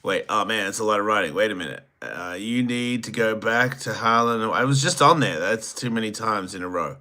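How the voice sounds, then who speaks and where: Lowish, forceful Australian man. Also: expressive, a little fast. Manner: crude, teasing and rambling. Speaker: host. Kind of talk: solo livestream reading chat.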